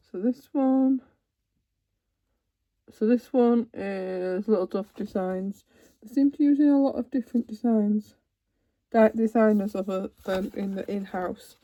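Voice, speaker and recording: A woman with a warm, mid-range voice vlogs at home from a computer chair, chatting casually while unpacking a cross-stitch kit and letting asides trail off. There's no room sound.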